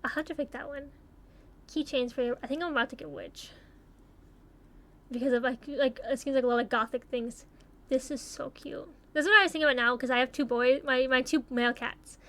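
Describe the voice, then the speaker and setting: A young woman chatting casually as she takes online quizzes, swearing freely and thinking out loud. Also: high-pitched, steady tone, brisk. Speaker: YouTuber taking online quizzes. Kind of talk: casual commentary while playing.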